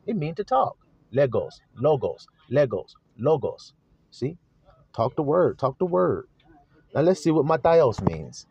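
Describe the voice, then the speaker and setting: Male preacher, sermon teaching, repetitive and questioning, animated pitch, dry close recording. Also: breathy edge, no room sound, muffled recording. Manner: repetitive chanting emphasis, rhetorical questions to the flock.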